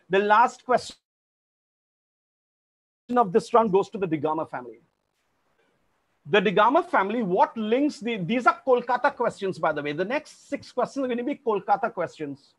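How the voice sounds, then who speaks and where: A man hosting an online family quiz over a video call, formal and polite, calling players sir. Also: high voice. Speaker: quizmaster.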